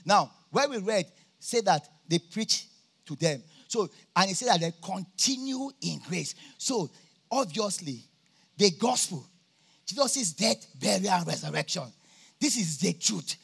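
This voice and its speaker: Pastor guy preaching at a campmeeting, high raspy voice, laughs a lot, shouts sometimes. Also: animated, a little slow. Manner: jovial, laughs often, bursts into shouts. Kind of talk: sermon. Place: church campmeeting.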